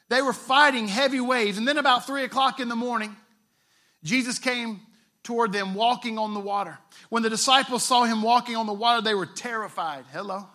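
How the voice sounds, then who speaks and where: Bright-voiced, high-pitched male pastor preaching. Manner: conversational, retells scripture with playful asides. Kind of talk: sermon.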